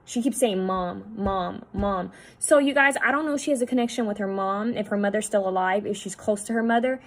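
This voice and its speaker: A woman psychic medium talking at home, relaying messages in a halting, repetitive way that often drops to a hushed voice. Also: mid-range voice, low-quality recording. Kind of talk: spirit-channeling video monologue.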